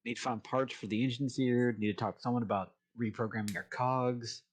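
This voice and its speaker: A man's voice: mid-range voice, steady tone, fairly quick. Hesitant man playing a character. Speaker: tabletop player. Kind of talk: in-character role-play.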